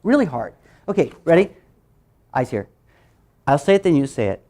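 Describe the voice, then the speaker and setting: A woman presenting a phonics teaching workshop, playful and animated, acting out letter sounds and laughing as she goes. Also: deep voice, normal speed.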